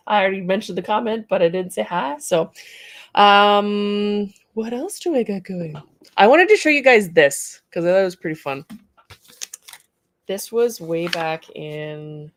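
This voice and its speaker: A middle-aged woman with a slightly low voice rambles in relaxed, chatty livestream talk. She hosts her studio stream, greeting viewers and wandering from thought to thought. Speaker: artist hosting a studio livestream. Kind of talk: casual livestream chat.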